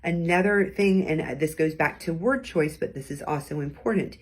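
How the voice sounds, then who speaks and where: Her voice is deep and husky, and she talks at a normal speed. Hosting a weekly session as a communication coach, she encourages listeners conversationally while teaching about tone of voice and performing sample tones.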